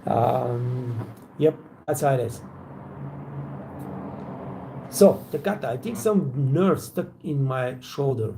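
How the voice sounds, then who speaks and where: Gravelly-voiced man rambling in a live Q&A. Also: mid-range voice, lively intonation, takes it slowly, long pauses, noisy background. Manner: rambling, repetitive, swears freely. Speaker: waiter trainer hosting a live Q&A. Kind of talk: casual live Q&A chat.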